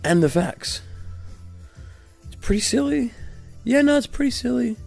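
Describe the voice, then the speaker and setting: A man's voice: very high voice, animated, unhurried, creaky, darkish tone, faint music behind. A man delivering a sarcastic, exasperated political rant full of rhetorical questions. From Australia.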